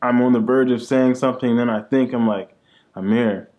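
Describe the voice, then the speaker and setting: A young man co-hosts a casual chat with his wife, speaking fast in a medium-pitched, darkish voice with a level tone. He's laid-back and jokey, often ending his lines with "man."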